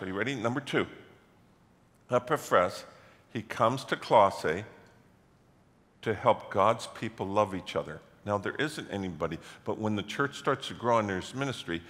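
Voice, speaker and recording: Male pastor, bright forceful delivery, story-driven sermon in a reverberant church hall. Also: mid-range voice. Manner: storytelling, acts out quoted voices, builds to loud animated passages. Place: church sanctuary.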